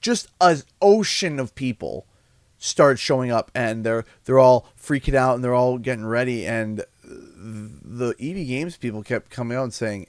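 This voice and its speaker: A man's voice: mid-range voice, measured pace, no echo. A man, chatting on a livestream and telling rambling stories with a laugh at his own jokes. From Canada. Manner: animated, rambling storyteller. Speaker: streamer. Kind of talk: casual livestream chat.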